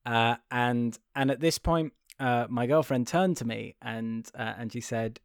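A man's voice: mid-range voice, expressive, a little slow, gravelly, dry recording, studio quality. A man co-hosting a casual film review podcast, rambling with many fillers and laughing at his own story. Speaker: podcast co-host.

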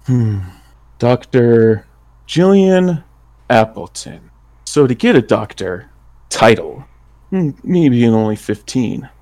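A man's voice: medium pitch, slow pace, pauses often. Rambling, laughing male game player. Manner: relaxed, rambling, laughs often. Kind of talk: tabletop role-play.

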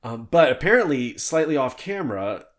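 A man at a middling pitch hosts a laid-back conversation about life aboard a tallship. He rambles and restarts his sentences, and laughs easily between thoughts. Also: big pitch swings, normal speed. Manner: rambling, self-interrupting, laughs often. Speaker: podcast host and former tallship captain. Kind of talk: casual interview chat.

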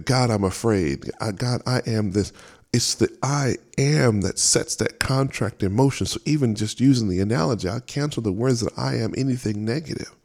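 A man's voice: lowish voice, darkish tone. A man preaching a sermon as a minister, earnest and fervent, often repeating and restarting phrases. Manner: speaks with fervor and emphasis.

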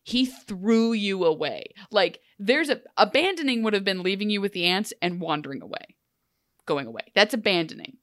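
A woman's voice: mid-range voice, very animated, normal speed, no room sound, clean studio sound. A woman co-hosting a podcast, giving emphatic, rambling opinions in casual chat. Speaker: podcast co-host. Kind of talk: casual chat recapping a TV show.

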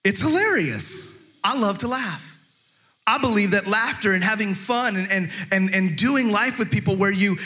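A man's voice: sits high, pushed and bright. A male pastor giving a chatty, humorous sermon, stumbling over restarts and acting out quotes.

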